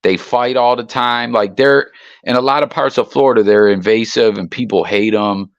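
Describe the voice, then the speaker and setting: A man talking on a livestream podcast, hesitant and restarting his sentences often. His middle-pitched voice comes through slightly dull and lo-fi. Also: steady tone, moderate pace. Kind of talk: casual livestream chat.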